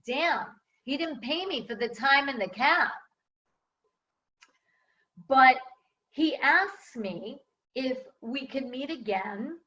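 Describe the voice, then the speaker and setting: Unhurried, high-voiced woman telling a story. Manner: expressive, deadpan comic delivery. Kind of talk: live personal storytelling. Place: her home. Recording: distant, dull home video audio.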